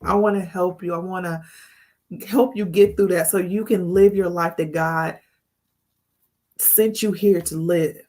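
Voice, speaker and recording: A woman's voice: fairly low pitch, fairly even intonation, measured pace, pauses often, dark tone. A woman hosting a heartfelt spiritual talk as a life coach, speaking to the camera in an earnest, emotional way and often repeating her words. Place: indoors, on camera.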